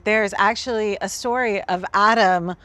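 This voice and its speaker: A woman's voice: mid-range voice, fairly even intonation, moderate pace, fairly bright tone, no echo. Reflective woman co-hosting an event. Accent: American. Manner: reflective, with fillers like "kind of" and "like". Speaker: event co-host. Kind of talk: casual spoken presentation to a gathering.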